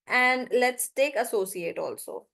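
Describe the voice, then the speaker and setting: A woman's voice: on the high side, expressive, measured pace, gravelly, a bit bright. A woman teaching English pronunciation in an online class, explaining patiently, stretching stressed syllables to demonstrate and calling on students by name. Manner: calls on students by name, asks "right?".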